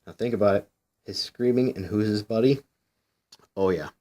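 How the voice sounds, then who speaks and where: Chatty man with a low voice. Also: brisk, mellow. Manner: chatty, rambling, frequent "you know"; asks viewers questions directly. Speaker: comic book reviewer. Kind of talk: casual review commentary.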